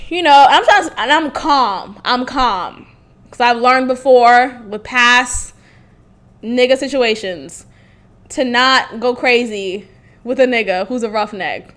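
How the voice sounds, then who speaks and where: A woman's voice: a little high, a bit bright. A young woman hosting a podcast, telling a candid story in a blunt, profane way and laughing often. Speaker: podcast host.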